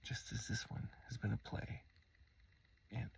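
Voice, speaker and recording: A man's voice: a little slow, slight background noise. A tired man hosting a late-night tutorial, rambling and self-mocking, often sinking into a mumble. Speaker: host.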